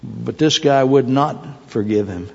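A man preaching a sermon in an animated way, with joking asides and digressions. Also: medium pitch, unhurried, gravelly, slightly rough. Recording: dull sound with long hall reverb.

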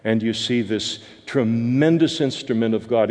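Guy preaching a bible sermon, lots of uhs and restarts, mid pitch, echoey hall. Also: measured pace, darkish tone. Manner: many fillers and restarts, rising to emphatic peaks. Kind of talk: verse-by-verse sermon.

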